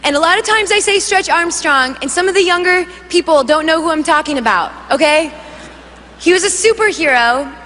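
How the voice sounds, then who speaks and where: Young woman, high bright voice, lively testimony, acts out voices, reverberant church hall. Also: fairly quick. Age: young adult. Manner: animated storytelling, acts out voices, laughs often. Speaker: worship leader giving testimony. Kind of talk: testimony preached to a congregation.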